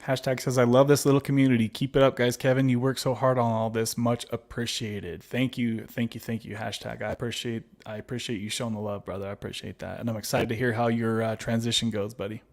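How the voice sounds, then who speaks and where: A man's voice: mid-range voice, flat delivery, fast, hardly any pauses. A man hosting a casual livestream, reading viewer comments aloud and answering them, laughing often and calling viewers buddy. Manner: laughs often, reads chat aloud and replies; friendly, calls viewers babies and buddy. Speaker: livestream host.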